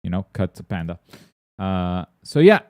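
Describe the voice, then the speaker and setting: A man hosting a gaming and anime news stream in casual chat. He rambles excitably, with plenty of filler words and blunt swearing. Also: low voice, moderate pace, clean tone, dry recording, clean studio sound.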